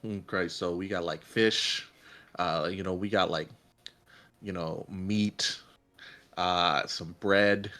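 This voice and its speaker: A man with a very deep voice talks as a player at a tabletop game. His speech is casual and halting, and he falls back on fillers as he works out his thoughts. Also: steady tone, sharp tone.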